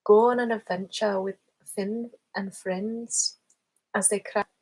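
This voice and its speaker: A woman reading lines slowly in an attempted Irish accent that drifts toward Scottish. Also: mid-range voice, steady tone, a little mellow, husky, low-quality recording. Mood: playful. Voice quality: slow, deliberate reading.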